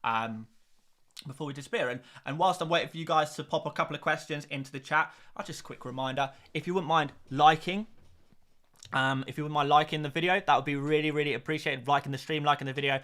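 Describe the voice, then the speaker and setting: A young man hosting a casual live-stream Q&A, talking in a fairly high voice. He chats loosely and repeats himself, with plenty of fillers and restarts. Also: steady tone, fast, pushed and bright. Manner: chatty, repeats phrases, frequent fillers and restarts. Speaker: host of a fantasy football live stream.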